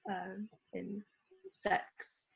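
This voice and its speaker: A woman's voice: medium pitch, little pitch movement, drawn-out words, creaky. A young woman, a photographer speaking as a guest in a casual interview, chatty and full of fillers. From England. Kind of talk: casual interview over a call.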